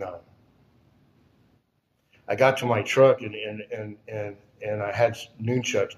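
A man in his sixties, his voice sitting fairly low. He tells a personal story haltingly, with many "and, uh" pauses, and often drops almost to a whisper. Faint ambient noise lies under his voice. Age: 60s. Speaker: storyteller recounting his past. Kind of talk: personal testimony.

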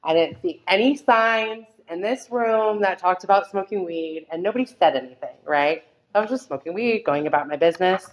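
A woman's voice: lowish voice, moderate pace, rough recording. A woman sharing her recovery story at a meeting, candid and rambling, full of fillers and restarts. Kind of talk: personal testimony talk.

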